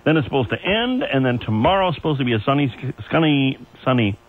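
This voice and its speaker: A man's voice: medium pitch, lively intonation, a little fast. A man working as an overnight radio DJ, chatting in a folksy way with chuckles and asides between oldies. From Ohio. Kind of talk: casual on-air oldies patter. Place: radio studio. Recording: tinny AM radio aircheck with faint music.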